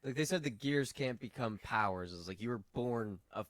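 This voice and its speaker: Co-host, man, mid pitch, dry close sound, calm explainer. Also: normal speed, no room sound. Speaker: podcast co-host. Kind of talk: casual chat.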